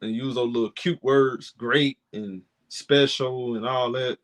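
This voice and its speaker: A man's voice: mid-range voice, steady tone, measured pace. A young man co-hosting a live sports reaction stream, debating players in emphatic, slangy casual talk. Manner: emphatic, slangy, mocks critics with put-on voices.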